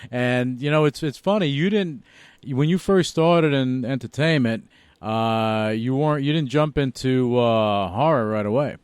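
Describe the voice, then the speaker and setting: A man hosting a casual radio interview, easygoing and joking as he draws out and flatters his guest. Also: medium pitch, a little slow, clean tone, dry recording, clean studio sound. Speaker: radio show host.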